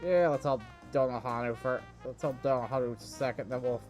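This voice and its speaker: A man's voice: medium pitch, fairly even intonation, brisk, darkish tone, faint music behind. A man streaming a game, chatting casually in a rambling, self-correcting way.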